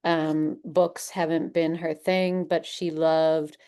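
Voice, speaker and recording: A woman's voice: sits low, level tone, takes it slowly, dark tone, clear, resonant tone. A woman speaking on a panel as a parent with cancer, chatty and rambling with many fillers. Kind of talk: panel discussion.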